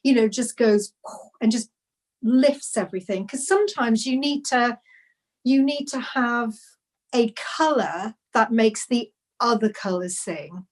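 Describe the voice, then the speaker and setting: A woman's voice: on the high side, measured pace, a little mellow. A woman knitwear designer chatting on a video call, gushing and rambling with lots of restarts. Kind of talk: casual live video chat.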